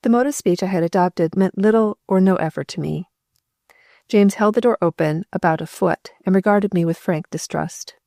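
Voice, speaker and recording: Woman, audiobook narrator, measured, warm dark tone, dry studio sound. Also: medium pitch, gravelly, no echo. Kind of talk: scripted first-person narration.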